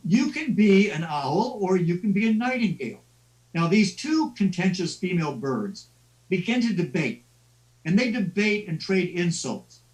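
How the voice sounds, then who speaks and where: A man's voice: high-pitched, far from the mic, rough recording. A man lecturing on medieval literature in a conversational, storytelling way, often stammering and restarting. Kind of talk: class lecture on a live stream.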